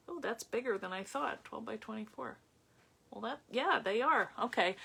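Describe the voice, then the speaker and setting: A woman's voice: mid-range voice, a bit bright. A woman hosting a live craft tutorial on her phone, chatting casually, thinking aloud and greeting viewers by name as she works at her craft table. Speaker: craft demonstrator hosting a livestream.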